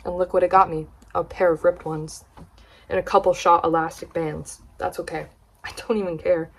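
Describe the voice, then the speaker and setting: A young woman from the United States, chatting excitedly in a casual haul vlog, gushing and swearing casually. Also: lowish voice, normal speed. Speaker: vlogger.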